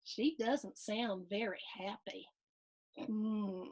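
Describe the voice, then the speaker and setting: A woman hosting a storybook reading for children, animated and sing-song, chatting with her young listeners between pages. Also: high voice, slow, slightly rough, highs cut off. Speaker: host reading a picture book to children. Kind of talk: storybook read-aloud for kids.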